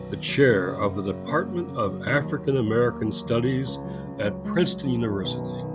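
A man hosting a podcast who reads a measured scripted introduction and then talks in conversation. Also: mid-range voice. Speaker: podcast host.

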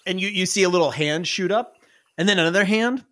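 A man's voice: high voice, quick pace, bright, forceful tone, no echo, clean studio sound. A man narrating a tabletop game as game master, rambling and amused. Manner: rambling, amused, with many restarts.

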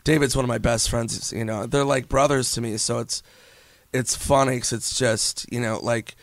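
A man with a gravelly, creaky voice, chatting loosely as a guest and laughing often between his words. He swears freely and fills his sentences with "like". The sound is dry and close. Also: medium pitch, steady tone, normal speed, no room sound. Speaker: comedian and actor guest. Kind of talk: casual interview chat.

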